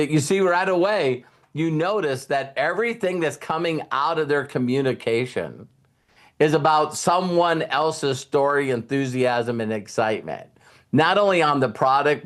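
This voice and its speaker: A middle-aged man giving a motivational talk who keeps acting out little conversations as he goes. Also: medium pitch. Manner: animated, acts out little dialogues. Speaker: motivational speaker.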